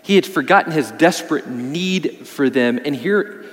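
A man preaching a sermon as pastor, pressing his points hard and then dropping low and soft for emphasis. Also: expressive, a little slow, long reverb tail. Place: church sanctuary.

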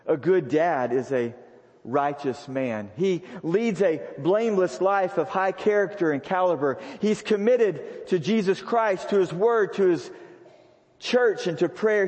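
A high-pitched man delivers a sermon at an unhurried pace, repeating his key lines for emphasis. His voice carries a long reverb from a large sanctuary with a balcony. It sounds like it was recorded live in the room. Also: lively intonation, a little mellow. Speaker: pastor.

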